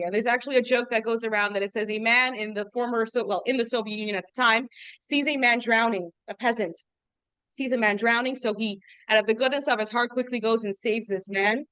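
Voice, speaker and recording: Woman teacher, high bright voice, chatty, asks the class rhetorical questions. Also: normal speed, no echo. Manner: chatty, lots of "like" fillers, explains with rhetorical questions. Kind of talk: informal lesson.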